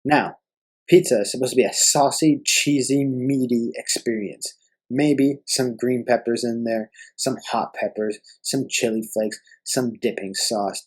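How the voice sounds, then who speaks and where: A man's voice: medium pitch, a little slow, slightly rough, poor audio. A young man hosting a podcast, ranting in an exasperated, profane way. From Canada. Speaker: podcast host.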